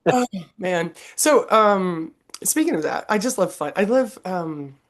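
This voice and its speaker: A woman in her fifties hosting a podcast, chatting casually and telling animated stories with frequent laughter. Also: mid-range voice, unhurried. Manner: animated storyteller, laughs often. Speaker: podcast host. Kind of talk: casual interview chat.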